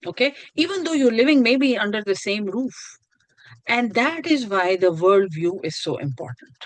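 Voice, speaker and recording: A woman gives an online lecture in an earnest, thoughtful way, circling back and repeating her words as she goes. Her voice sits at an ordinary middle pitch. It is recorded close and dry, over a video call. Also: animated, moderate pace, dry recording, rough recording. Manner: earnest, repeats and restarts phrases. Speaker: course instructor.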